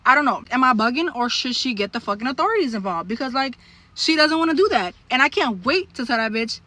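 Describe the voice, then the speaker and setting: A woman telling a story to camera in a blunt, profane, animated way. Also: high-pitched, quick pace, dry recording.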